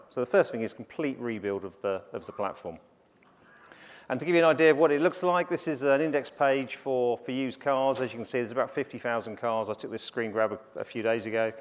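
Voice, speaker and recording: A middle-aged man from the UK giving a business conference presentation, conversational with many fillers and restarts. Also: lowish voice. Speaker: conference speaker. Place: conference stage.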